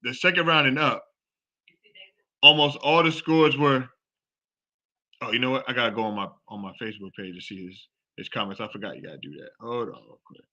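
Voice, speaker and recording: A man hosting a live sports talk show, chatting casually and excitedly, repeating himself as he rambles. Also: medium pitch, fairly quick, dull audio. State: out of breath. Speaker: show host.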